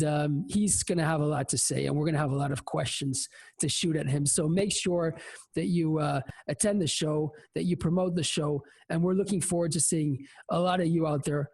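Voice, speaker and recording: Man, talk show host, gravelly, husky, emphatic announcements. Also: on the high side, a little mellow. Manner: informal, swears, slow emphatic announcements.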